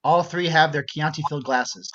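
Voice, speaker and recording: A man's voice: on the high side, normal speed, fairly bright tone. Man reading stage directions, lo-fi. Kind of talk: scripted narration of a screenplay.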